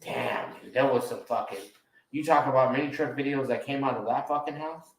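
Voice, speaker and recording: A man hosting a podcast, chatting casually and telling rambling, profane stories, with lively quotes of other people. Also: medium pitch, fairly quick, gravelly, reverberant, low-quality recording. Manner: animated when quoting others. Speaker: podcast host. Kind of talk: casual chat.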